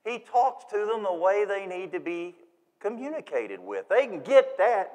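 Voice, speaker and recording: A man preaching a sermon in a church, folksy and animated, acting out quoted voices. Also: high voice, unhurried. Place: church sanctuary. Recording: long reverb of a church hall.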